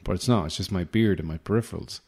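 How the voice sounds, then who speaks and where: Irish man, very low voice, podcast host, rambling comic monologue, self-deprecating. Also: fast talker, a little mellow, slightly rough.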